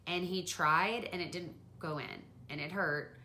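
A young woman talks straight to camera, her voice bright and sharp and sitting a little low. She tells the story quickly and animatedly, leaning on fillers like a friend catching up. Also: roomy sound. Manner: animated, fast and chatty, full of "like" fillers. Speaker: vlogger.

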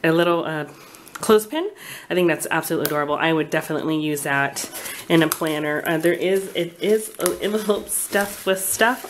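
At her kitchen table at home, a woman vlogger does a casual unboxing chat, gushing and flustered. Her voice is low and brisk, and there's background noise.

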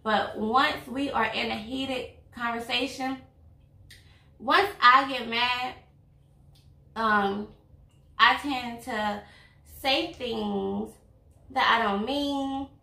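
A woman's voice: on the high side, steady tone, drawn-out words, vocal fry, long pauses, sharp tone. A woman, talking bluntly and outspokenly in a casual couple chat over a meal. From Louisiana. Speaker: vlog host, girlfriend. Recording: echoey room, mic at a distance.

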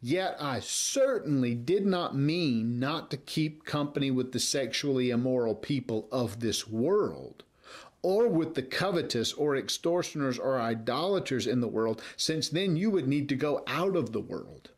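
An American man preaching a sermon as pastor, earnest, rising to loud emphasis and dropping to soft, quiet lines. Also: mid-range voice, animated, a little slow.

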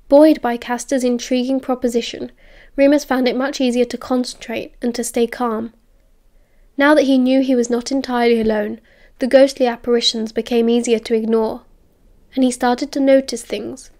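A young woman with a British accent narrates an audiobook in a steady, even reading voice. Her tone sits a little high and stays measured, line after line.

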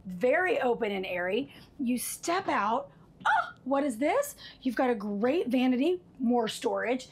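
A woman's voice: fairly high pitch, very animated, measured pace, a little hiss or hum. A woman hosting an RV walkthrough inside a travel trailer, chatty and sassy, calling viewers honey and y'all. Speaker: RV tour host. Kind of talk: enthusiastic walkthrough review.

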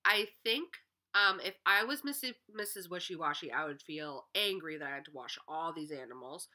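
Expressive woman teacher reading to kids. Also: low-pitched, moderate pace. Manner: expressive, sing-song, talks directly to young kids. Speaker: kindergarten teacher. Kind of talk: reading a picture book aloud to children.

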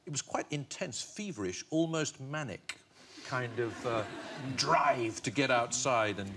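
A man's voice: mid-range voice, lively intonation, a little slow, heavy background noise. Reflective middle-aged man from Northern Ireland. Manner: reflective, many restarts, laughs easily. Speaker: talk show guest. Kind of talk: chat show interview. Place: television studio.

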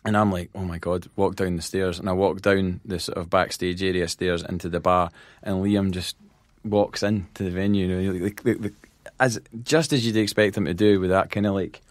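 A Scottish man tells lively anecdotes as a podcast guest, acting out what others said and laughing along as he goes. His voice sits fairly low. The sound is dry and close, with no room around it. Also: normal speed, few pauses, no echo. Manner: lively storyteller, acts out quotes, laughs often. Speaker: podcast guest, band manager. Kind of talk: casual chat, storytelling anecdotes.

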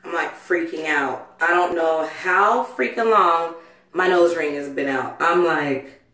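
A woman vlogger chatting casually to her viewers, excitable and frantic, exclaiming often. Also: low voice, slow. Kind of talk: casual vlog chat. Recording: echoey room.

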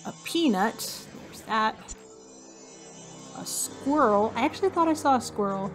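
Slow, musing woman gamer. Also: fairly high pitch, animated. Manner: slow, musing, talks to herself while searching. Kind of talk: casual let's-play commentary. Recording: faint music behind voice.

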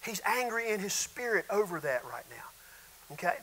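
A middle-aged male pastor with a drawl delivers a folksy sermon. His voice sits high for a man and rings bright and forward. He slips into short acted-out exchanges to make his points. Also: very animated, moderate pace, a little hiss or hum, rough recording. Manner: folksy storytelling, acts out little dialogues.

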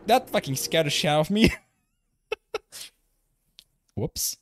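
A man's voice: a little high, expressive, slow pace, a little hiss or hum. A young man streaming a video game from home, rambling casually, swearing and laughing often. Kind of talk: casual gaming livestream chat.

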